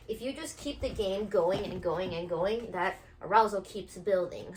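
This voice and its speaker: A woman dog trainer explaining play training to viewers at home, talking to her puppy in between. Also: medium pitch. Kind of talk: casual instructional video.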